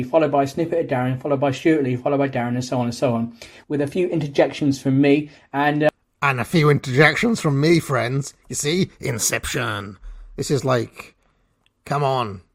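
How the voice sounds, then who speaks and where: Male YouTuber, sardonic and casual, gravelly husky tone, cheap mic. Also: mid-range voice, fairly quick. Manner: sardonic, swearing, chatty asides. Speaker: YouTube commentator. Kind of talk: casual video commentary. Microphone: cheap microphone instead of his usual one.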